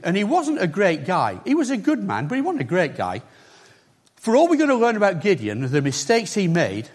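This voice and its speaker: A man preaching a sermon in a conversational, emphatic way, with chatty asides to the congregation. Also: fairly high pitch.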